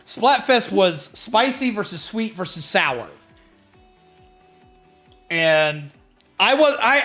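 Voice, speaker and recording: A male streamer with a high, bright voice talks casually to his viewers in an animated rant, swearing freely and calling out loud greetings to his chat. Soft music plays faintly underneath. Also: takes it slowly, long pauses.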